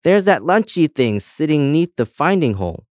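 Guy doing a hearty jokey cowboy sheriff specs, bright and up high, folksy drawl. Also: big pitch swings, normal speed, dry recording, clean studio sound. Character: cheery, folksy male spectacles sheriff in a cowboy town.

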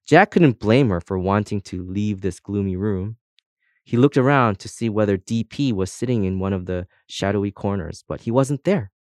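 A man narrating a children's storybook in a steady, scripted reading. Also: lowish voice, normal speed, no echo, studio quality. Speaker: audiobook narrator.

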